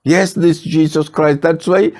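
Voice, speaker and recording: An older man preaching a sermon, slow and emphatic, repeating key phrases and asking rhetorical questions. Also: on the high side, fairly even intonation, a little mellow.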